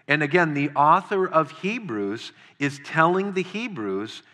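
A man's voice: on the high side, lively intonation, a little slow, pushed and bright, long reverb tail. A man preaching a sermon in an earnest way, repeating words for emphasis.

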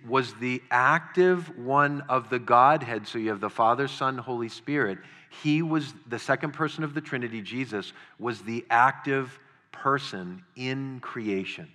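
A man's voice: mid-range voice, pushed and bright, long reverb tail. A man preaching a sermon in an earnest way, repeating words for emphasis.

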